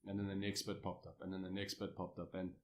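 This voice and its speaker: Quick, low-voiced South African man. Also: a little hiss or hum. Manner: lively anecdotal storytelling with frequent restarts. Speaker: cricketer guest. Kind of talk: casual interview chat.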